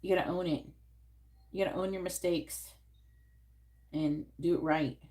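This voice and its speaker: A woman's voice: lowish voice, fairly even intonation, normal speed, a little mellow. A woman giving frank, swear-laden advice as a psychic tarot reader on a live stream, coaching the client on what to say.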